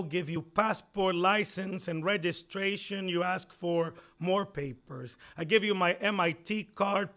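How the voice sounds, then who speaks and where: A man with a foreign accent performing spoken word poetry at a live open mic, measured at first and growing forceful. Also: sits high. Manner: measured delivery building to forceful intensity. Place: live event at a community center.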